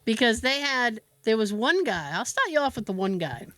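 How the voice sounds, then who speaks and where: A woman hosting a podcast, telling a story in a casual, animated way with laughs and swearing. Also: a little high, moderate pace, dry recording. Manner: animated, laughing, profane, with fillers. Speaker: podcast host.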